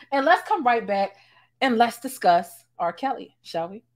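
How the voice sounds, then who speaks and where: A woman from Baltimore giving casual gossip commentary in a sassy, slangy way, laughing a lot and breaking into loud bursts. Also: on the high side, very animated, slow pace. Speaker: commentary YouTuber.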